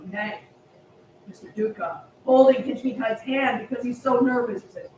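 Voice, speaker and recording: Animated woman telling a story in an echoey hall. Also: a little high, moderate pace, far from the mic, a little hiss or hum. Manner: animated, acting out voices. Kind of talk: storytelling at a family service. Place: temple hall.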